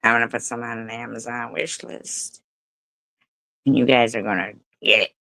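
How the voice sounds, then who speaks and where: A woman's voice: rumbling low, fairly even intonation, normal speed, vocal fry, sharp tone, dry recording. A woman hosting a casual live stream, giggling often, swearing freely and breaking into playful bits of song. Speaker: livestream host.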